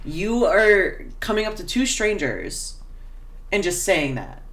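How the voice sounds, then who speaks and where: A woman's voice: medium pitch, big pitch swings, slow, a bit bright. A young woman in casual podcast chat, telling a story animatedly and swearing a lot.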